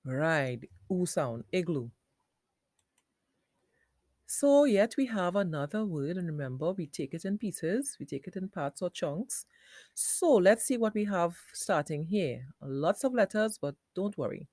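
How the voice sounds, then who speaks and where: Woman teacher, phonics lesson, slow sounding-out, mellow low voice, dry sound. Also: very animated, dry recording. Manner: slow, sounds words out in parts. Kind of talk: phonics lesson for young children.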